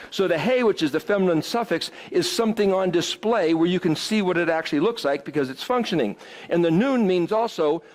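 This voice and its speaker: A man teaching a Bible study class to a group, explaining word roots in an animated, exclamatory way. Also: sits high.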